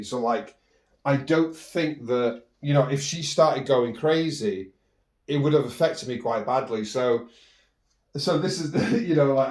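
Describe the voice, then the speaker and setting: A man's voice: medium pitch, a little mellow, far from the mic. Male solo podcaster, rambling storyteller, echoey room sound. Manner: rambling, with many restarts and fillers. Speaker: podcast host. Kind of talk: personal storytelling monologue. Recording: roomy echo.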